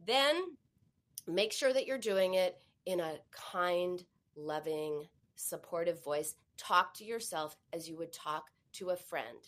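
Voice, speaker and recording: A woman's voice: lowish voice, slow. A woman hosting a live advice show, coaching listeners and acting out the ways people talk to themselves. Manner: warm coaching tone, acts out quoted self-talk. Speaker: host giving eating advice.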